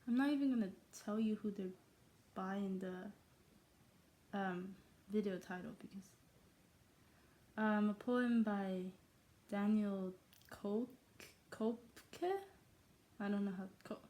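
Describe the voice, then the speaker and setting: In her room, a vlogger from China delivers a loose, rambling monologue in an invented accent blending Chinese, American and Irish elements. Her mid-range voice has a dark tone, and she speaks unhurriedly with frequent pauses. The mood is playful and self-mocking, her thoughts scattered and often left unfinished.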